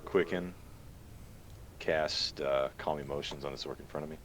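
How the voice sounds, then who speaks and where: A man with an extremely deep voice talks through his turn at a tabletop game. He is hesitant, pausing with fillers as he checks spell rules aloud. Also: steady tone, fairly bright tone. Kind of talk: casual game table chat.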